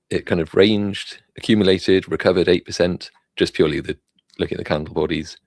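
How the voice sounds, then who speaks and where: A man giving casual, rambling commentary on crypto charts, halting with many fillers as he thinks aloud while clicking around. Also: deep voice, vocal fry, no echo.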